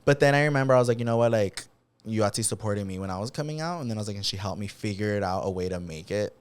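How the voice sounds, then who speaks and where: A man's voice: fairly low pitch, animated, racing, clean tone. A young man co-hosting a podcast, retelling stories animatedly, acting out quotes and mixing in Spanish slang. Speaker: podcast co-host. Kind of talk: casual chat.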